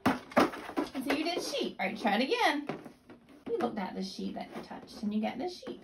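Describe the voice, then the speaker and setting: A woman's voice: high-pitched, sing-song, normal speed, pauses often. Sing-song woman coaching a small child. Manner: patient, encouraging, sing-song talk to a child. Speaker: mother and caregiver. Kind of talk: coaching a young child through play. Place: home. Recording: noisy home recording.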